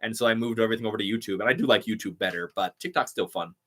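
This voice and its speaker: A man's voice: fairly low pitch, racing, a bit bright. A young man chatting casually on a live stream, reading out viewer comments and thanking people. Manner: upbeat, reads chat comments aloud and thanks viewers. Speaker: YouTube impressionist answering live chat.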